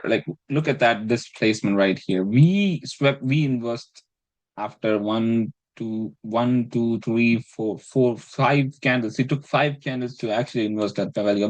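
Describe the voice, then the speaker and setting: A man's voice: on the low side, no room sound, rough recording. A man casually talking through his week's trades, rambling and self-deprecating, swearing and restarting his phrases. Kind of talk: casual screen-recorded trading breakdown.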